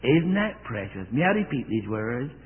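A man's voice: mid-range voice, sing-song, moderate pace, narrow, tinny audio. A man preaching a sermon to a congregation in an earnest way, often asking them questions. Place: church service.

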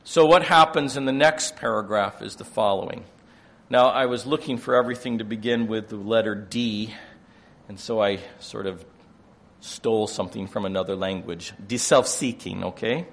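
Older guy preaching, gravelly, goes from quiet explaining to loud and fired up. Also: lowish voice, normal speed. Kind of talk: sermon.

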